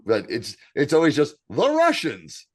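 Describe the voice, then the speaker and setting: A man in his fifties co-hosting a podcast, telling animated, profane stories in casual chat. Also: fairly high pitch, unhurried, dry recording. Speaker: podcast co-host.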